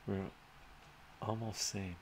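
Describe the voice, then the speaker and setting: A man with a very low voice hosts a loose live stream, reading viewer comments aloud and answering them in a rambling way. He talks into a laptop mic, and a faint fan hum runs underneath. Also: steady tone, slow pace.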